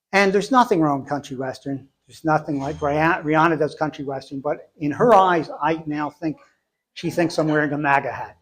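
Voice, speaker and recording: Middle-aged male storyteller, slightly high pitch, dry self-deprecating delivery on a live stage. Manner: self-deprecating, deadpan, laughs at own lines. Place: stage before a live audience.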